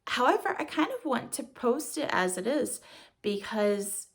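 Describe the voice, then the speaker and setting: A woman in her thirties, vlogging from home in the morning in a casual, rambling, reflective way, her voice gravelly as though she just got out of bed. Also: on the high side, big pitch swings, unhurried. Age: 30s. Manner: rambling and reflective, with many fillers. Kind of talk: casual morning vlog chat.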